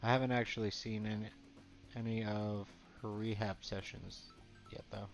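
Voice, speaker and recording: A man's voice: fairly low pitch, flat delivery, normal speed, lightly acted. A man reading the lines of a cheerful teenage girl model aloud from a game, in his own plain voice. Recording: dull lo-fi, faint game music.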